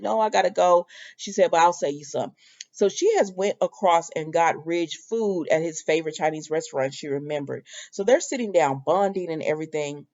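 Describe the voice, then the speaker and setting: A woman's voice: lowish voice, darkish tone, lo-fi sound. A woman in casual chat, reviewing a soap opera episode, talking loosely with many fillers and quoting the characters herself. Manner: chatty, many fillers, quotes characters in her own voice.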